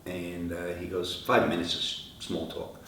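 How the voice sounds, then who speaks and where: A middle-aged man, a rock singer, telling lively stories in an interview and acting out the voices of the people in them. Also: low voice, moderate pace. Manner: animated anecdotes, acting out quoted dialogue. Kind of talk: storytelling interview answers. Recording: echoey room, from far off, faint noise.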